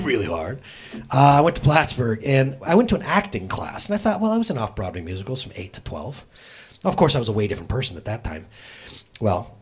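A man preaching a sermon as a pastor, talking straight to his congregation in a conversational way, with jokey asides and quick self-corrections. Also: a little high, fairly bright tone, slightly rough.

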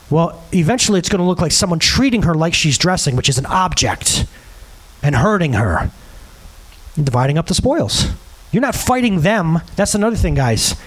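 Animated, earnest man preaching. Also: sits high. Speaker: pastor. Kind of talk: sermon.

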